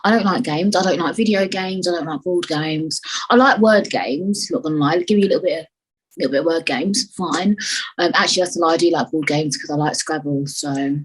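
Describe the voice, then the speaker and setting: A woman's voice: sits low, fairly quick, slightly rough, poor audio. A young woman hosting a solo podcast, chatting animatedly, swearing freely and slipping in and out of put-on voices. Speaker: podcast host. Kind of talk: casual solo podcast chat.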